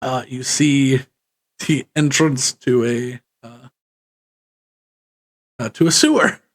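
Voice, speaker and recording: A man's voice: medium pitch, slow. A man narrating as game master of a tabletop game, rambling loosely and laughing often.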